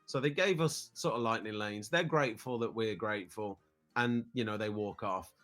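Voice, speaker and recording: A man's voice: lowish voice, moderate pace, fairly bright tone, soft background music. A British man in his thirties, a podcast guest telling a family trip story in a casual, rambling way, often repeating words as he starts sentences. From United Kingdom.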